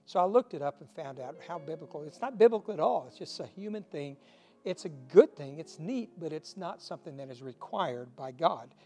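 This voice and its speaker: Folksy pastor, a man with a slightly high voice. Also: animated, fairly quick, hardly any pauses, dark tone, faint music behind. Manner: folksy and earnest, with self-deprecating asides. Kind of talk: short recorded devotional sermon.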